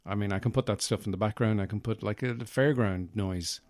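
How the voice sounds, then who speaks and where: Low-voiced podcast host rambling. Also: male voice, a little fast, darkish tone, no room sound. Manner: meandering, self-mocking, full of fillers. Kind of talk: rambling comic monologue.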